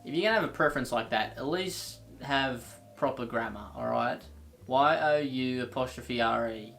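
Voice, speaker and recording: A man's voice: mid-range voice, moderate pace, gravelly, a bit bright. A man with a mid-range voice delivers sarcastic reaction commentary. He rants and mocks, sounding exasperated, with faint music playing underneath. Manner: ranting, exasperated, mocking. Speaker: comedy commentator.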